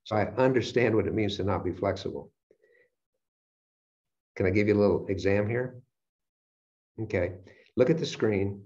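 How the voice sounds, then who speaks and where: Brief: low-voiced male lecturer, animated storyteller, dull lo-fi recording. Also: normal speed, pauses often. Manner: animated storyteller acting out his own reactions. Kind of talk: motivational lecture. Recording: dull lo-fi sound.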